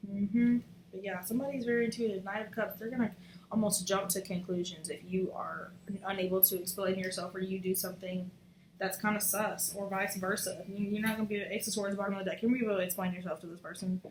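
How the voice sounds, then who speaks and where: A woman's voice: mid-range voice, fairly even intonation, fast talker. A woman giving a casual, chatty tarot reading, talking bluntly and swearing freely. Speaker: tarot reader. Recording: echoey room with faint noise.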